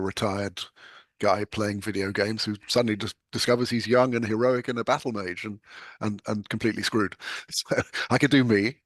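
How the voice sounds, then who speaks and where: Older British man, lively anecdotes. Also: fairly low pitch, no echo, studio quality. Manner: animated storyteller, laughs often. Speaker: guest novelist. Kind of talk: conversational anecdote.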